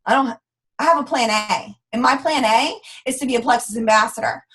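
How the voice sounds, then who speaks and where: A woman giving an energetic, preachy motivational training talk to her sales team. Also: fairly high pitch, fairly quick. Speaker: network marketing team leader.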